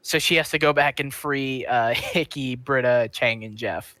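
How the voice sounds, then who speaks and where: A man co-hosting a casual chat podcast, his voice bright and forward on a dry, close mic. He talks his way through the plot with frequent ums and quick self-corrections. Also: medium pitch, no echo. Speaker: podcast co-host.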